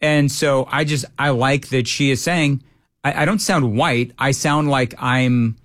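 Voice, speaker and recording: A man's voice: medium pitch, fairly even intonation, unhurried, fairly bright tone, no room sound. A man co-hosts a talk show, giving frank opinions in casual chat. He often stammers and restarts his sentences. The sound is dry and close. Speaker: radio show co-host.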